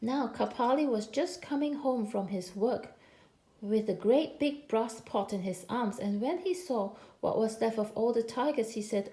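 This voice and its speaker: A woman storyteller reading a children's storybook aloud in a gentle, sing-song manner. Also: a little high, measured pace. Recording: echoey room.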